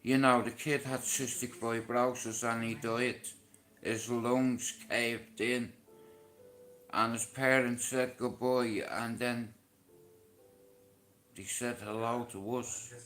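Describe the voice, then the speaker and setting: Slow, bright-voiced Irish man telling stories. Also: mid-range voice, flat delivery, soft background music. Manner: blunt, heartfelt, swears freely. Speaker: vlogger. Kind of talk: personal storytelling to camera.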